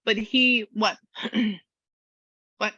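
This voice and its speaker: A woman's voice: mid-range voice, steady tone, very slow, bright, forceful tone, no room sound, lo-fi sound. A woman working as a spiritual medium, chatting casually with a client and relaying a spirit's words in quotes. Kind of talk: casual reading session with a client.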